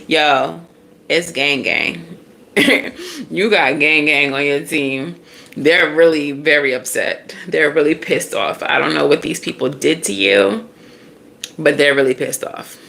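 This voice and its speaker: A woman reading tarot in a loose, chatty way, full of slang and quick laughs. Her voice sits a little low and stays animated and expressive. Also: gravelly. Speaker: tarot reader.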